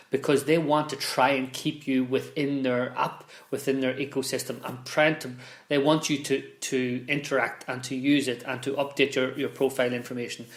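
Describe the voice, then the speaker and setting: A man talks through a casual explainer at a mid pitch, stumbling over restarts and doubling up words as he thinks aloud. His voice bounces around a roomy space, giving it a hollow echo. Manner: conversational, frequent restarts and repeated words. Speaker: business founder explaining marketing. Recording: roomy echoey room.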